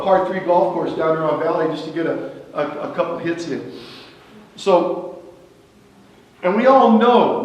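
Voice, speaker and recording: A man in his sixties telling stories at a roast, building each one to a punchline. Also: sits high. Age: 60s. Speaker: former wrestler giving a roast speech. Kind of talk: anecdotal roast speech. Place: event venue hall. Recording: echoey hall, distant mic, faint noise.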